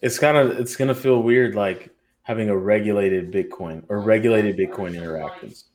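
This American podcast co-host speaks on the low side at a moderate pace. He rambles through a casual roundtable conversation, joking around and swearing freely.

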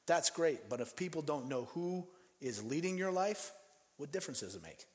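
A man from Denver preaches a casual, animated sermon, slipping into the voices of the people in his stories. His voice sits a bit high for a man, and it rings out with a long reverb, as if in a big church hall. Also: brisk. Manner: conversational and animated, acting out quoted voices. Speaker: pastor.

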